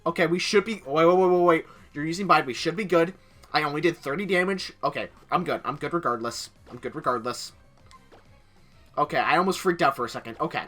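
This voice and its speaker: A man's voice: a little high, fairly quick, pushed and bright, faint music behind. A young man casually narrating over gameplay, rambling through a story with many filler words. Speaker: gaming channel host.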